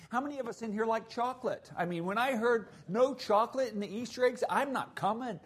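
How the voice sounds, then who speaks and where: A man's voice: extremely high pitch, fairly quick, few pauses, husky. A middle-aged man, a missionary guest preacher, giving a conversational sermon to a congregation with asides and jokes. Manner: conversational preaching, animated and joking.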